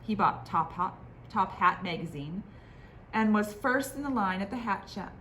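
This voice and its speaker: A woman librarian reading picture books aloud at a children's storytime, in an expressive, sing-song manner. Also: mid-range voice, normal speed, a little hiss or hum.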